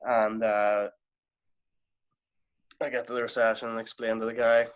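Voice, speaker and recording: A man, a professional wrestler guesting on a podcast, telling anecdotes in a casual, animated way. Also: on the low side, a little slow. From Ireland. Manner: animated, lively anecdote telling with quoted exchanges. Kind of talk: casual storytelling.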